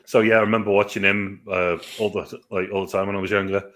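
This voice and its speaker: A man's voice: lowish voice, level tone, fast talker, a bit bright. A man with an English accent, chatting casually and rambling as co-host of a film review show. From England. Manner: chatty and rambling, with lots of fillers. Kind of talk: casual chat.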